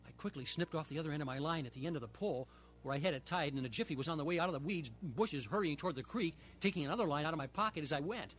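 A man reading a children's story aloud, with expressive, lively storytelling. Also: on the high side, very fast.

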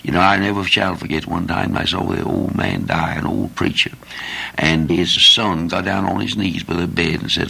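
Gravelly-voiced older man preaching. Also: low voice, steady tone, normal speed, pushed and bright. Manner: folksy, repetitive preaching with rhetorical questions. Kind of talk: sermon.

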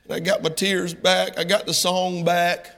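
A middle-aged man preaching a sermon in a folksy style that climbs into impassioned, shouted passages. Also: high voice, level tone, moderate pace, in a large hall.

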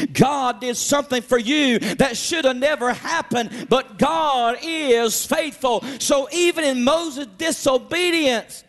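A man preaching a Sunday sermon, emphatic, rising to shouts and calling out to his congregation. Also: very high-pitched. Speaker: pastor.

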